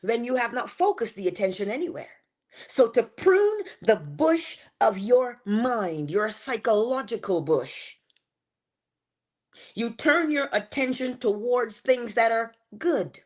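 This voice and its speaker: Lively woman giving a motivational talk. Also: a little high, slow pace. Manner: animated, playful asides. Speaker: inspirational speaker.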